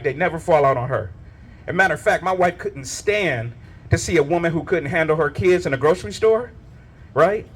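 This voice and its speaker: A middle-aged man doing stand-up comedy on a club stage, telling animated stories and breaking into laughter and sung bits. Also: a little high, a little hiss or hum.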